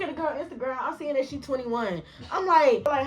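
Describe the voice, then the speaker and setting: A young woman, an indie rapper, telling a profane, animated storytime about a bad night out. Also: high voice, fairly quick, few pauses. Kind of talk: casual storytime vlog.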